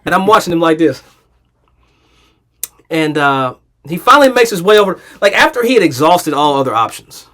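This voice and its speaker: A man with a slightly high voice, co-hosting a casual podcast. He tells anecdotes playfully and slips into the voices of the people in his stories. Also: big pitch swings, normal speed, sharp tone. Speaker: podcast co-host.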